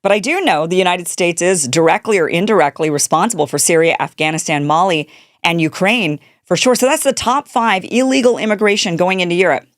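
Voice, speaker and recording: Low-voiced woman hosting heated commentary. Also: a little fast, dry recording, clean studio sound. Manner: indignant, rhetorical questions, frequent restarts. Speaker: political commentary show host. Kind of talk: unscripted political commentary monologue.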